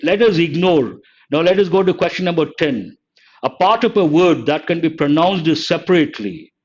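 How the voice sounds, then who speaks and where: An older man teaching English vocabulary in a live online exam-prep lesson, explaining slowly and repeating words, sometimes scolding the chat. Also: fairly high pitch, expressive, a little mellow. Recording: dull lo-fi stream audio.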